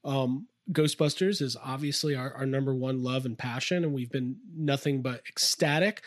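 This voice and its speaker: A man co-hosting a casual podcast from his toy room, rambling and excitable with many fillers. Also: medium pitch, normal speed, dry recording, clean studio sound. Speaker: podcast co-host. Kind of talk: casual chat.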